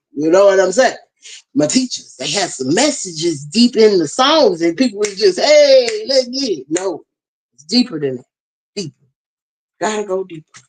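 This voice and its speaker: A woman's voice: fairly low pitch, low-quality recording. Fiery Southern-twanged woman preaching. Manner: fiery, emphatic, talks straight to listeners. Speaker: host. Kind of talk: impassioned preachy livestream talk.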